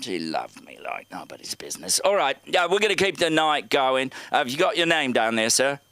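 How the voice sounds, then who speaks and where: A man hosts a comedy night from a club stage, his voice smooth and clean through a handheld mic. He tells dark jokes deadpan and stumbles through halting lead-ins. His pitch stays at an ordinary middle height. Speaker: comedy show host. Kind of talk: stand-up comedy hosting.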